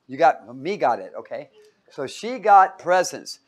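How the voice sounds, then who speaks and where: A man's voice: on the high side, sing-song, a little slow. Playful man teaching a Bible class. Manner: playful, quizzes the audience and jokes.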